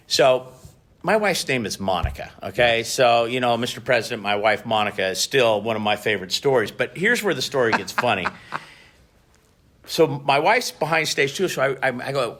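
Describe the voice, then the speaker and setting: A mid-pitched man hosts a casual podcast chat. He tells his own stories with animated energy, laughing often as he goes. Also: moderate pace. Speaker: podcast host, industry association past officer.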